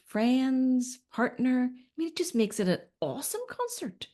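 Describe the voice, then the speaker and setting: A woman's voice: high voice, unhurried. A woman in her fifties, a relationship coach chatting as a guest and acting out little stories. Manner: animated storyteller, acts out quotes, says "okay?" often. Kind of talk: casual advice chat.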